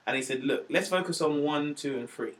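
A man tells stories in a relaxed podcast chat, his voice sitting a little high for a man. He slips into other people's voices as he goes, acting out what they said. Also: a little fast. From Wales. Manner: animated storyteller, acts out quoted voices. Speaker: stand-up comedian, guest. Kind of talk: casual podcast conversation.

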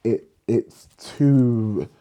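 A man's voice: mid-range voice, drawn-out words. A man with a slight lisp, a playwright guest talking casually and laughing often. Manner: relaxed, laughs often, slang-heavy. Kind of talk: casual conversation.

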